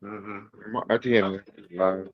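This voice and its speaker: A man joining a live stream as a guest, talking in a slow, laid-back way. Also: fairly low pitch, fairly even intonation, no room sound. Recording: dull lo-fi call audio.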